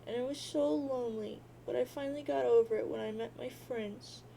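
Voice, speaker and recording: A woman's voice: fairly high pitch, steady tone, vocal fry, warm tone, a little hiss or hum, poor audio. Jade, a woman doing a weeping teen girl. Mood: grieving. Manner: sobbing, wailing drawn-out boo-hoos. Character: grieving teen girl, weepy and lost.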